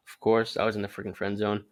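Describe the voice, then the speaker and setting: A man's voice: fairly low pitch, monotone, normal speed. A young man giving casual, rambling dating advice straight to camera, filling his talk with "like". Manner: rambling, loose, lots of "like" fillers. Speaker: vlogger.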